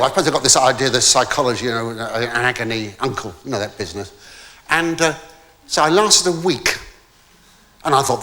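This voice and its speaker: An older stand-up comedian tells a rambling, comic story on stage in a debating hall, stammering through false starts and theatrical asides. His voice is medium-pitched, brisk, and sharp, with slight background noise.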